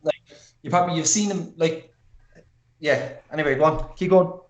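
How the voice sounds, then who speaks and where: A man's voice: fairly high pitch, normal speed, crowd noise. A man co-hosting a podcast, chiming in with laid-back agreement during casual chat. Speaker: podcast co-host. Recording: roomy echo.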